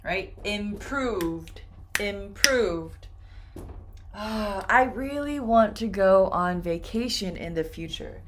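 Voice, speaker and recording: A woman teaching English pronunciation, repeating each word slowly and clearly for her students. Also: medium pitch, animated, a little hiss or hum. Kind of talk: slow, deliberate pronunciation lesson.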